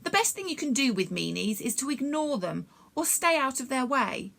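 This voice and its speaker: A woman voicing a brave young boy who speaks earnestly and sometimes shouts. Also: high-pitched, very animated, moderate pace, creaky, pitched above the performer's own voice, full character voice. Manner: earnest, raises his voice to shout.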